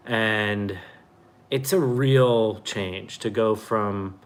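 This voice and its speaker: A man's voice: on the low side, extremely slow. A man in his thirties co-hosting a home livestream, rambling and joking. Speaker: co-host, husband. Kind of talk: casual chat. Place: home, at a table.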